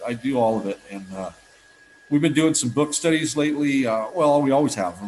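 A man's voice: medium pitch, slight background noise, low-quality recording. A man in his fifties giving a heartfelt personal testimony at a recovery meeting, telling stories earnestly with frequent restarts.

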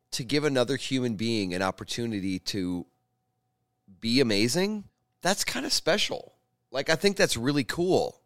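A man hosting a casual podcast chat, telling stories with animated emotion. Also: medium pitch, no echo, studio quality.

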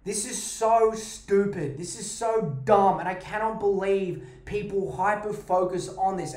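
A woman hosts her own podcast and delivers a heated, sarcastic rant full of swearing. Her voice sits at an ordinary middle pitch. The sound is roomy and echoey. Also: a little mellow. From Australia. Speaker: podcast host. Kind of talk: ranting podcast monologue.

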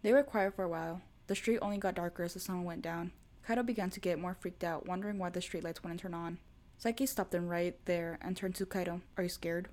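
A woman narrating a fan story in a steady storytelling manner. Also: lowish voice, brisk. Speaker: podfic reader. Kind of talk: scripted narration.

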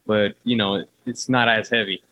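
Relaxed man, dry close sound. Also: lowish voice, moderate pace, dry recording, muffled recording. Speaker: podcast co-host. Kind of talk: casual movie review chat.

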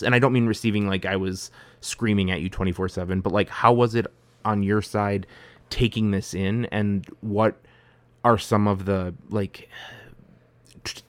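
Podcast host guy, kinda low voice, dry sound, lots of likes and ums. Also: fairly even intonation, normal speed, no echo. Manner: rambling, many fillers and restarts. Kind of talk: casual conversation.

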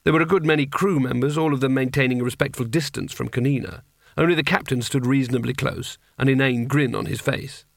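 A man narrating an audiobook in an even, dry storytelling manner. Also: mid-range voice, fast, vocal fry, no echo. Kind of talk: scripted narration.

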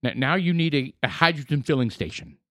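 A man's voice: fairly high pitch, fairly quick, fairly bright tone, dry recording, studio quality. A man co-hosting a podcast in casual banter, talking emphatically and often repeating himself. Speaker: podcast co-host.

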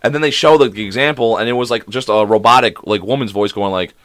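A man's voice: on the low side, quick pace, a bit bright, no echo. A man co-hosting a podcast, trading crude, joking banter, swearing and acting out silly quotes with laughs. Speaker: podcast co-host.

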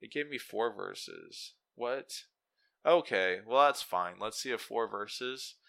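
A man's voice: lowish voice, expressive, slow pace, vocal fry, bright, forceful tone. A man hosting a casual solo podcast, rambling and interrupting himself as he muses aloud and reads text off his screen. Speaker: podcast host.

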